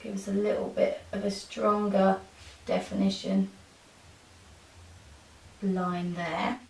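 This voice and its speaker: A woman makeup artist narrating a tutorial, giving soft, coaxing instructions to her model as she works. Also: mid-range voice, level tone, takes it slowly, gravelly, slight background noise. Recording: roomy, from a distance.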